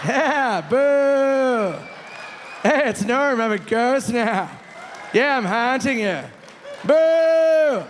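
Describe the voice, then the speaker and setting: A man's voice: very high-pitched, lively intonation, extremely slow, big-room sound, some chatter behind, slight background noise, voice pushed up, exaggerated voice. A man voicing a dopey, friendly male ghost who haunts his friend, in a goofy drawl with mock-spooky moans.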